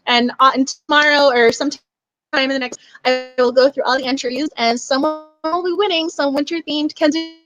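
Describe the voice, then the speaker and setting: A woman's voice: high voice, steady tone, normal speed, over music, low-quality recording. A young woman hosting a book club livestream, chatting in a gushing, effusive way. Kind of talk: casual livestream chat.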